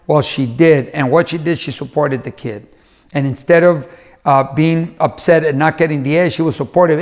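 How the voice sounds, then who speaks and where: A man's voice: on the high side, normal speed. A middle-aged man giving a conversational motivational talk, telling family stories and acting out the voices of the people in them. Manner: conversational, acts out quoted voices. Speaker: motivational speaker.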